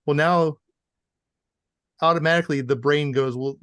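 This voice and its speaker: A man co-hosting a casual podcast chat, making his point conversationally with quick quoted asides. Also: a little high, steady tone, a bit bright, smooth, dry recording, clean studio sound. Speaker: podcast co-host.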